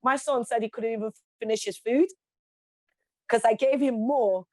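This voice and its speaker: A woman's voice: fairly high pitch, moderate pace, dark tone, no room sound. A woman, a guest in an interview, speaking passionately with emphatic rhetorical questions. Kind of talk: passionate conversational speech.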